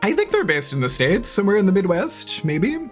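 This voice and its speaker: A woman streamer chatting casually with her live chat, bubbly and quick to laugh, on a desk mic. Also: medium pitch, very animated, faint music behind.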